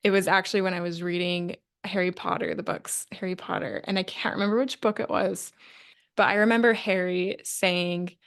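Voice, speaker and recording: A woman's voice: lowish voice, fairly even intonation, normal speed, clean tone. A woman hosting a podcast, asking questions and reflecting earnestly in casual conversation. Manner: earnest, reflective, lots of fillers. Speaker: podcast host. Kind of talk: casual interview chat.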